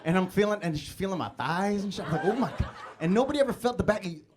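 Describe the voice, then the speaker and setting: A slightly high-pitched man performs stand-up into a handheld mic on a comedy club stage. He tells his stories in an animated way and acts out the scenes as he goes. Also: very fast, noisy background. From born in the Philippines, grew up in Chicago. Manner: animated storytelling, acting out scenes. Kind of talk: live stand-up set.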